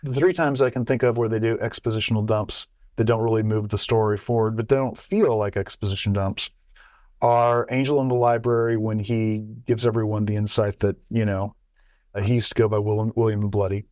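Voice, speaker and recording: A man's voice: lowish voice, steady tone, brisk, darkish tone, no room sound, studio quality. A man co-hosting a podcast in casual chat, talking in bursts full of restarts and repeated words. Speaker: podcast co-host.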